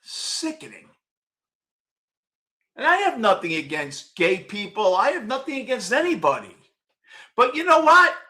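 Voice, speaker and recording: A sixty-something man with a New York accent rants through a postgame show, blunt and profane, breaking into shouts. His voice sits high for a man and has a bright, sharp edge. He answers viewers by name between complaints. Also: wildly swooping pitch, moderate pace. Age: 60s. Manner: blunt, loud and swearing, often shouting. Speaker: host of a fan postgame show.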